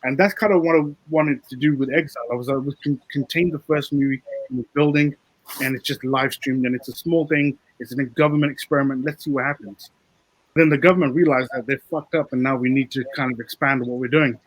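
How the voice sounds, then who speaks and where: A man's voice: medium pitch, steady tone, brisk, poor audio. A man, a film director, talking candidly and easily about making his film in a casual interview.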